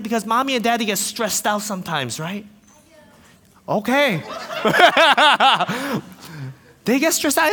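Man, pastor, lively sermon, jokey storyteller, swooping lively pitch. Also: long reverb tail. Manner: animated, jokey storytelling with playful asides. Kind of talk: lively sermon to a congregation with kids.

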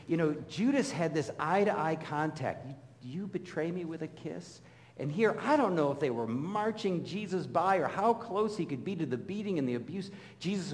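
Man, middle-aged, pastor preaching, storytelling, acts out quotes, long hall reverb. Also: medium pitch. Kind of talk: sermon.

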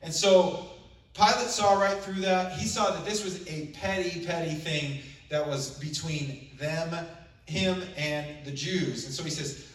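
A man's voice: on the high side, measured pace, far from the mic. Man preaching in a very echoey room. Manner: casual, conversational retelling of scripture. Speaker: pastor. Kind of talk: sermon with scripture reading.

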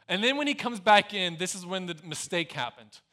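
A young male pastor preaches with earnest storytelling, his voice sitting high. The tone is bright and ringing. He slips into a hushed softness when he prays. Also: animated, brisk. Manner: storytelling, earnest, dropping to a soft hush in prayer. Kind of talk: sermon.

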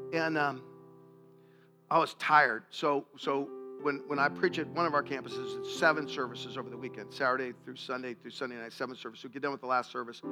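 A man in his forties, a pastor, telling stories in a sermon in an animated, self-deprecating way. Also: mid-range voice. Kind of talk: sermon storytelling.

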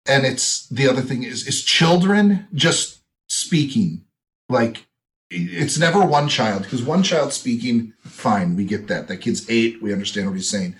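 A man's voice: medium pitch, measured pace. A man from central Wisconsin in his thirties, chatting casually and wryly, often mimicking people he quotes. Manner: wry, mocking, quotes people in put-on voices. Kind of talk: casual chat.

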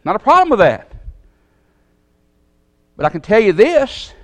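A man preaching a sermon in a Southern American accent, folksy and animated, acting out the voices he quotes. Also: high-pitched, a little slow, dry recording. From Southern United States.

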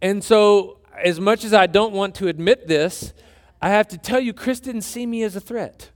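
A man preaching a sermon as a pastor, telling a story with animated, joking, emphatic delivery. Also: high voice, moderate pace.

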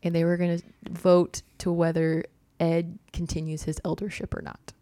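A woman's voice: lowish voice, monotone, normal speed, dark tone, no room sound. A young woman telling a personal story in casual chat, full of "like" and little laughs. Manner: chatty, heavy use of "like", laughs often.

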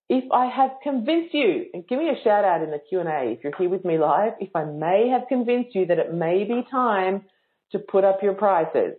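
A woman coaching yoga teachers in a live online workshop, casual, playful and frank, teasing her listeners. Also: mid-range voice. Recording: tinny phone-like sound.

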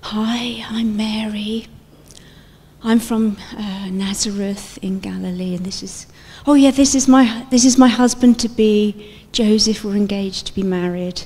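A woman's voice: mid-range voice, fairly even intonation, normal speed, few pauses, dark tone, close to an everyday voice. A woman voicing a chatty young woman introducing herself, in a breezy, partly whispered way. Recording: long hall reverb.

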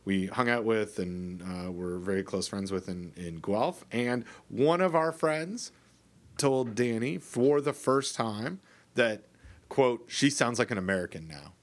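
A man's voice: lowish voice, takes it slowly. A middle-aged Canadian man co-hosting a podcast in casual chat, rambling with many restarts and fillers. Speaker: podcast co-host.

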